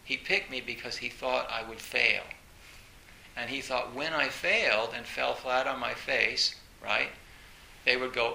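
A man with a gravelly, very bright and sharp voice gives an animated storytelling dharma talk, laughing often and leaning on fillers. The recording has a roomy echo. A faint hiss sits under it. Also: mid-range voice, normal speed.

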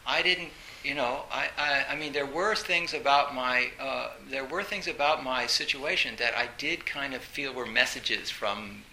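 A man with a gravelly, very bright and sharp voice gives an animated storytelling dharma talk, laughing often and leaning on fillers. The recording has a roomy echo. A faint hiss sits under it. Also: mid-range voice, a little slow, hardly any pauses.

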